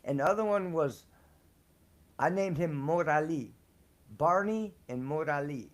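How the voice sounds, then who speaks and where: A man's voice: on the high side, expressive, a little slow. A man casually telling personal stories, slangy and profane, laughing often. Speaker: storyteller on a live show. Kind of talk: casual storytelling.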